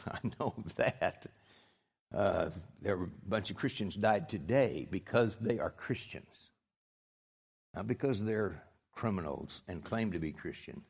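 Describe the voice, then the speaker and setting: A man's voice: fairly low pitch, vocal fry, slightly rough. A man preaching a sermon as pastor, direct and emphatic, with dry sarcasm and frequent restarts.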